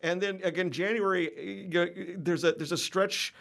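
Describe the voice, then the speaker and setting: A man with a somewhat high-pitched voice talks in an easygoing, conversational way about his writing. His delivery is relaxed and steady. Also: moderate pace. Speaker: author. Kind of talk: conversational panel talk.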